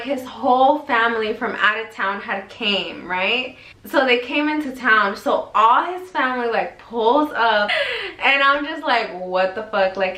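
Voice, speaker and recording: In a storytime vlog with a roomy echo, a young woman chats casually, dropping plenty of "like" and the odd swear word. Her voice is fairly high-pitched with a fairly bright tone.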